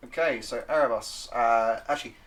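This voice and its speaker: A man's voice: mid-range voice, normal speed, fairly bright tone. A man acting as game master, narrating a tabletop game in a loose, chatty way full of fillers. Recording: distant mic with faint noise.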